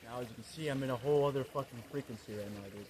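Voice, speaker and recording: A man in a parody spiritual vlog monologue, talking in laid-back bro slang with swearing and a slow, dreamy delivery. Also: mid-range voice, darkish tone. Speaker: comedy creator. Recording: running water noise behind. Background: trickling, pouring water.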